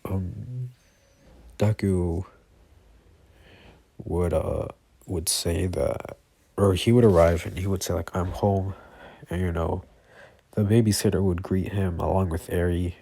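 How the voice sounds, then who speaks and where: Brief: rambling male storyteller, casual, low monotone, husky. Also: measured pace, pauses often. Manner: rambling, lots of fillers and self-corrections. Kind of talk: casual improvised fan storytelling.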